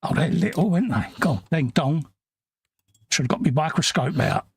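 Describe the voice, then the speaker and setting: A man's voice: fairly high pitch, expressive, brisk, noisy background. A sniffly man with a southern English accent, co-hosting a live model-building stream, joking around and reading out viewer comments. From England. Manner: chatty, joking banter, reads out viewer comments. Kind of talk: casual chat while building a model kit.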